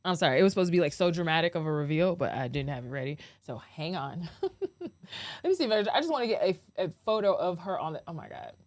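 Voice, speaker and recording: A woman hosting a podcast, ranting casually to her viewers, animated, laughing often and swearing freely. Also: lowish voice, fast, no echo. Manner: talks straight to viewers as "y'all". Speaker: podcast host. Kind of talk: casual opinion rant to camera.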